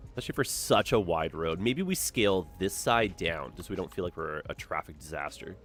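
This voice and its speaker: A man's voice: sits low, fairly quick, faint music behind. Stuffy-nosed man streaming a game. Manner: relaxed thinking aloud. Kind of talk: casual gameplay commentary.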